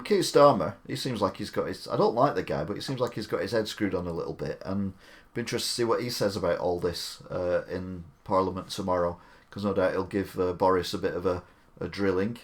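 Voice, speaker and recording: A man hosting a live stream, giving chatty, opinionated commentary with rambling asides. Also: low voice.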